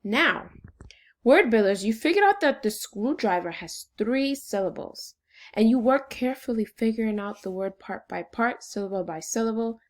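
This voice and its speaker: A woman teaching a recorded phonics lesson to second graders, speaking clearly and patiently and dictating spelling words slowly. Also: fairly high pitch.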